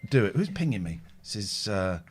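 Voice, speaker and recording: A man's voice: lowish voice, sing-song, brisk, husky. A man with a British accent hosting a casual chat show, rambling and interrupting himself with bursts of laughter. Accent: British English. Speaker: podcast host.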